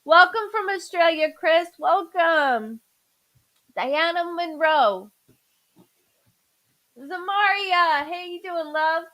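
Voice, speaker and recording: A woman with a high voice hosts a live stream from her home. She chats loosely, repeats each viewer's name, and stumbles over her words at times. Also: takes it slowly, few pauses, pushed and bright, rough recording. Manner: chatty, repeats names, stutters. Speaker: psychic medium host.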